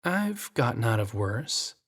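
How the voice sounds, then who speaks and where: A man's voice: mid-range voice, big pitch swings, slow, a bit bright, husky, heavily acted. A man voicing a playful, fearless young woman photographer in a romance audiobook. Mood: teasing. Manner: playful, teasing. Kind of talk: audiobook character voice.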